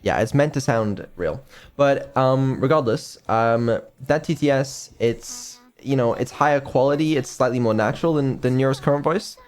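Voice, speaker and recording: A man's voice: mid-range voice, normal speed, soft background music. A man chatting casually on a stream, rambling and offhand with lots of ums and casual swearing. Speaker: streamer and developer.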